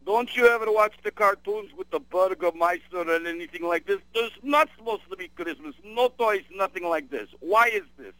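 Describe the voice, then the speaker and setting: A man's voice: high voice, normal speed, few pauses, sharp tone, no room sound, poor audio. A man calling in to a radio show and voicing a tipsy half-Russian, half-French man with a put-on mock Russian accent and broken English. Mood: rambling. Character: drunk half-Russian half-French male caller, boastful. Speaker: caller.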